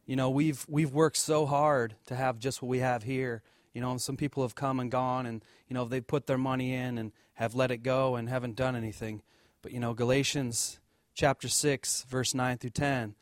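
A man speaking as a church deacon, giving an earnest offering talk with fillers and restarts and a lively told story. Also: medium pitch, normal speed, no room sound, studio quality. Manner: earnest, loose, many fillers and restarts, livens up telling a joke story.

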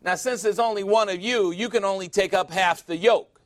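High-voiced man preaching a joking sermon. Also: normal speed, fairly bright tone. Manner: conversational and joking, with emphatic asides.

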